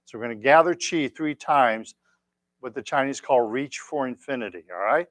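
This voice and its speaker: A man leading a tai chi class, giving calm, encouraging step-by-step cues. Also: mid-range voice, normal speed, no room sound. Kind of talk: guided exercise class.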